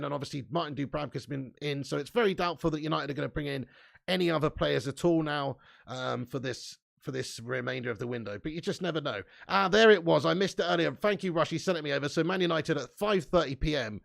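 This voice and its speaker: A young man running a fan channel reads his live chat aloud during a casual stream. His gravelly voice sits a little high and a bit bright, and he goes at a quick pace, loose and laddish, laughing and swearing now and then.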